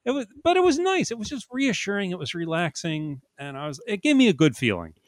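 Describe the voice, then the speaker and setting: A man co-hosting a podcast in casual chat, measured and dryly teasing. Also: high voice, very animated, no echo, clean studio sound. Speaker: podcast co-host.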